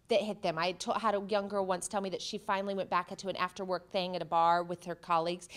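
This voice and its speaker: Animated woman therapist giving a workshop talk. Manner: animated, acting out quoted remarks with jumps in pitch and loudness; conversational, with direct questions to the audience. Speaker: cancer psychotherapist. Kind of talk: workshop presentation to an audience.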